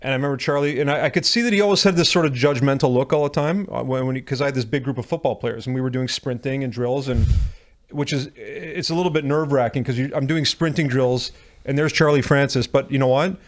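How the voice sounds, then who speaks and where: Fast-talking strength coach telling stories. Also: male voice, medium pitch. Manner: quick anecdotal storyteller, self-deprecating. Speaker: strength and conditioning coach, podcast guest. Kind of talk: casual podcast interview storytelling.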